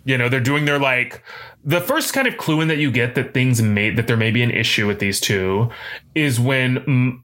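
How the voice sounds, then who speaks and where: A man's voice: medium pitch, expressive, normal speed, a bit bright. A man co-hosting a podcast, telling a long story in casual chat, rambling with lots of fillers. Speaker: podcast co-host.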